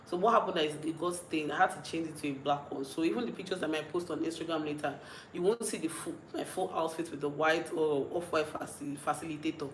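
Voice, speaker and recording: Speaking fast in a low voice, a young Nigerian woman vlogger with a Nigerian accent rambles on a casual livestream, reading out comments with frequent giggles and restarts. She seems a little tipsy and mellow. The rough recording has an echoey room and a slight hiss or hum.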